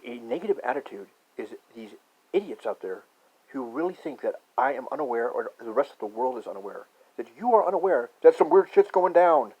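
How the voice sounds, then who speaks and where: A man in a rambling, profane conspiracy rant that swings from muttering to shouting. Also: mid-range voice, breathy edge. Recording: dull lo-fi recording.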